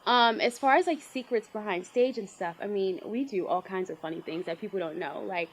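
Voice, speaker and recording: A woman's voice: mid-range voice, a little fast, a little hiss or hum, poor audio. A woman, chatting bubbly and casually as an interview guest, full of "like" and "um". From Baltimore, Maryland. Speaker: pageant titleholder guest.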